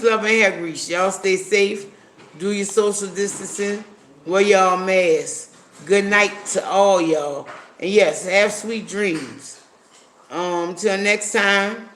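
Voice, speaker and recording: A man's voice: high-pitched, takes it slowly, a bit bright, slight background noise. A man chatting casually on a livestream, blunt and profane, reading viewer comments aloud. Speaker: livestream host.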